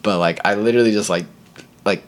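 A young man tells a story in a low voice, loose and rambling, with plenty of fillers. He slips into the voices of the people in his story as he goes. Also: fast talker. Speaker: podcast host. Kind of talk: casual storytelling chat.

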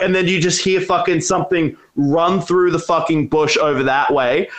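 A man's voice: a little high, steady tone, moderate pace, a bit bright. A man casually telling a wild story, swearing constantly and acting out the voices in it. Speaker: storyteller guest.

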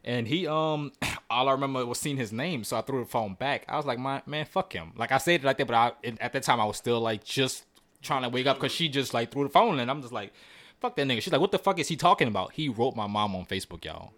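A man's voice: medium pitch, fast talker, fairly bright tone. A man in his twenties co-hosting a podcast, telling a story in a blunt, profane, casual way. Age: 20s. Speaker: podcast co-host.

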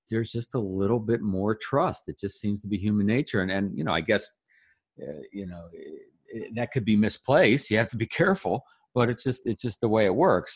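A man speaking as an interview guest, giving conversational advice through folksy, animated examples. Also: lowish voice, no room sound, clean studio sound. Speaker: interview guest, referral coach.

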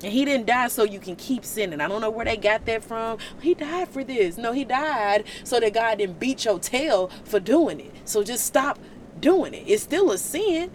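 A woman giving casual Bible teaching in an animated, slangy, joking way. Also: fairly high pitch, moderate pace, a little hiss or hum. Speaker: Christian vlogger teaching the Bible.

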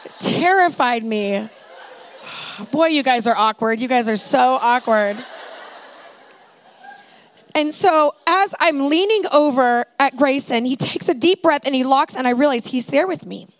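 A woman's voice: high-pitched, animated, a little slow, pauses often. A middle-aged woman on stage telling a heartfelt personal story to an audience, acting out the dialogue dramatically. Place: stage before a live audience.

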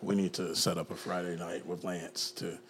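A man co-hosting a podcast, talking casually and getting animated, with playful put-on voices. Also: deep voice, normal speed, a crowd in the background. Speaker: podcast co-host. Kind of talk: casual chat.

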